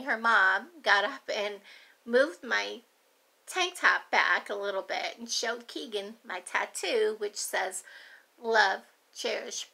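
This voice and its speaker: A woman's voice: medium pitch, gravelly, bright, forceful tone. A middle-aged grandmother telling family stories in a folksy, meandering, chatty way. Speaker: grandmother vlogger. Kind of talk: rambling storytelling.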